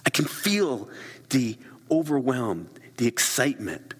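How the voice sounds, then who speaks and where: Man, middle-aged, sermon, husky voice, long hall reverb. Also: mid-range voice, measured pace. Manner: animated storytelling, acting out quiet whispered asides.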